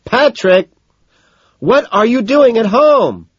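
A man putting on a shrill furious young woman. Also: big pitch swings, slow pace, slightly rough, no echo, highs cut off, heavily acted. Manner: hissing, screaming.

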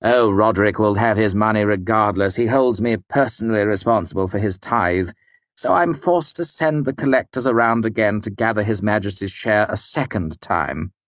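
A man's voice: lowish voice, moderate pace, no echo, voice pushed up, lightly acted. A man reading an audiobook, voicing a weary, irritable middle-aged mayor who speaks curtly and brusquely. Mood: curt, exasperated. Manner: curt, brusque, exasperated. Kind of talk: audiobook character voice.

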